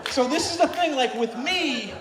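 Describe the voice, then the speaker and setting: A man telling a bawdy story live on stage to an audience, animated and shouting out quoted moans. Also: very high-pitched, normal speed. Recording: distant, roomy live recording with crowd noise.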